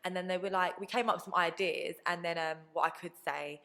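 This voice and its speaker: Fast-talking bright woman. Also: on the low side, gravelly. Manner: animated storytelling, acts out quoted people. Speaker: podcast guest. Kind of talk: casual chat.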